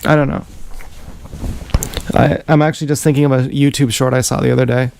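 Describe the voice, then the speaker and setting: Gravelly rambling man on a livestream. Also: mid-range voice, level tone, darkish tone, a little hiss or hum. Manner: rambling, confessional, halting restarts. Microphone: action camera.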